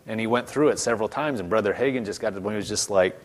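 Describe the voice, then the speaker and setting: Male preacher, lower voice, conversational teaching sermon to a congregation, loose and repetitive storyteller. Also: racing. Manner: retells stories with restarts and asides to the congregation. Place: church meeting with a live congregation.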